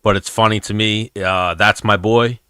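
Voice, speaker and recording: A man's voice: fairly low pitch, steady tone, moderate pace, bright, forceful tone, clean tone, dry recording, studio quality. A young man hosting a livestream, chatting loosely and rambling with a lot of profanity. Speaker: livestream host. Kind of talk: casual chat with live chat.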